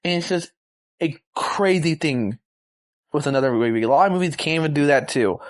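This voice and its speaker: Young male vlogger, slightly high voice, rambling excited movie review, slangy and loose. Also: fairly quick.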